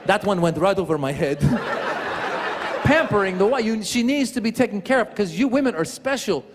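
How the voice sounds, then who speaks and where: A middle-aged male comedian with a high voice works the stage, throwing himself into voices and sound effects. He is recorded live on a handheld mic, with a loud, laughing crowd and clear noise all around him. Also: moderate pace, long reverb tail. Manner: animated, acts out voices and sounds. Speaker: stand-up comedian. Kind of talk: stand-up comedy set.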